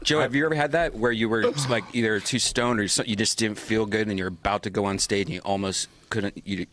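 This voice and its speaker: A man's voice: lowish voice, fairly even intonation, fairly quick, fairly bright tone. A man on a podcast asking curious questions in casual chat.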